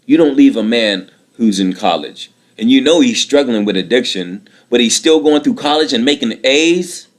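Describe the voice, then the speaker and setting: A man's voice: mid-range voice, expressive, moderate pace, hardly any pauses. A man in his late thirties giving a bitter, aggrieved personal monologue, repeating himself and swearing often. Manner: bitter, aggrieved, repetitive, profane.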